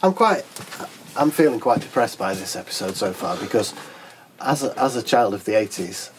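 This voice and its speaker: A man's voice: on the low side, animated, normal speed. Earnest man chatting, noisy background. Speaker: band member in conversation. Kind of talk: casual chat.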